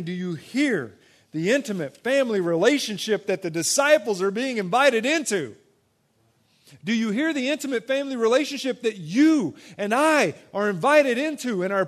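A young man preaching a sermon in a conversational way, moving between loud emphatic stretches and soft, quiet ones. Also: high-pitched. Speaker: pastor.

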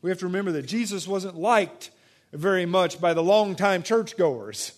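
A young man preaching a sermon in a conversational way, moving between loud emphatic stretches and soft, quiet ones. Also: high voice, expressive, normal speed. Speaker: pastor.

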